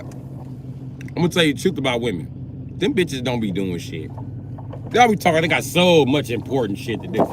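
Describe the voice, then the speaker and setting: A man ranting in a crude joking way on a live stream from a car. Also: background noise. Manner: crude, joking, swings up and down in pitch. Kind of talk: rambling live-stream rant.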